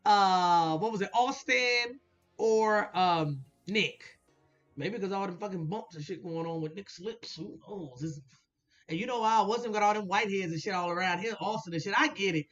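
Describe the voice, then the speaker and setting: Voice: mid-range voice, a bit bright. Chatty vlogger with a blunt, swearing recap delivery, recorded on dull lo-fi audio with faint background music. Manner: chatty, blunt, laughs often, swears casually. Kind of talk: casual commentary.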